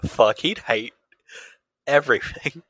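A man's voice: mid-range voice, takes it slowly, bright, forceful tone, no echo. A man with an Australian accent co-hosting a podcast in casual chat, laughing often and swearing casually. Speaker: podcast co-host.

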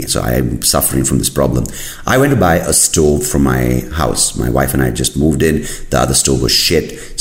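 A man's voice: very deep voice, vocal fry. A man from India, a native Kannada speaker, hosting a comedic podcast monologue with crude asides. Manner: animated storytelling with crude asides. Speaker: podcast host. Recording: echoey room.

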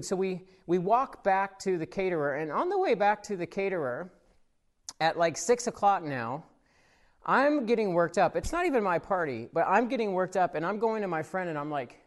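This pastor's sermon, recorded for people watching online, unfolds as easygoing storytelling peppered with fillers. His high-sitting voice rises in volume with excitement during the story and quiets down in reflective moments.

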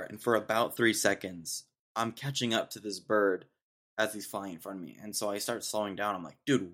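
A man's voice: fairly low pitch, a bit bright. Young male podcast host, casual rambling solo talk, easygoing. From Texas. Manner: rambling, laid-back, says dude a lot.

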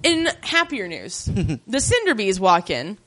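A woman's voice: medium pitch, wildly swooping pitch, measured pace, a bit bright. A woman co-hosting a podcast, recapping a TV drama in casual, sarcastic chat and swearing freely. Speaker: podcast co-host.

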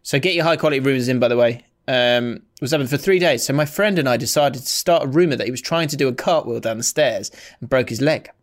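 Man reading out listener comments. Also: medium pitch. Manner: laughs often, reads comments in a slowed, exaggerated voice. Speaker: podcast host.

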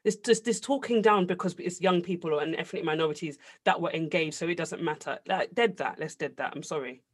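A man with a notably high voice, talking politics in a loose chat. He jumps in often and hammers his points by repeating words. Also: a little fast. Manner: emphatic, interrupts, repeats words for stress. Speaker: podcast co-host. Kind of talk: casual political debate.

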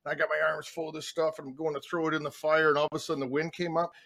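Blunt, storytelling man with a higher voice. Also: level tone, rapid-fire, gravelly, fairly bright tone, dry recording, clean studio sound. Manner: blunt storyteller acting out quotes. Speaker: guest. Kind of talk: casual chat. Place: podcast studio. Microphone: studio mic.

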